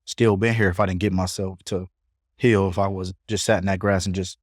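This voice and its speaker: A young man, a podcast guest, telling his own story in a casual, animated way and acting out what others said. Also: low voice, fairly quick, no echo, clean studio sound. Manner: animated retelling, acts out others' voices.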